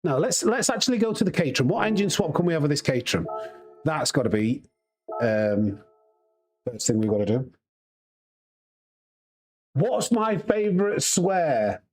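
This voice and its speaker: A man's voice: a little high, big pitch swings, normal speed, long pauses. A man with a Yorkshire accent, a sim racing streamer chatting casually and rambling to his live chat while he plays. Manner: chatty, rambling, laughs easily.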